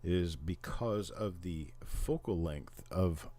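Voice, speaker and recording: A man's voice: low-pitched, slow, mellow. A middle-aged man hosting a casual livestream, chatting and explaining things to his viewers. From Missouri, Oklahoma and Memphis, Tennessee. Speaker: livestream host.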